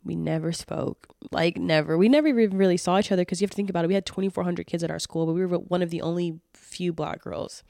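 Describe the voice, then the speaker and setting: A woman's voice: lowish voice, quick pace, gravelly, hardly any pauses, warm tone, no room sound. Earnest woman podcaster, dry sound. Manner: earnest and emotional, many fillers and restarts. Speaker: podcast host. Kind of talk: solo podcast monologue.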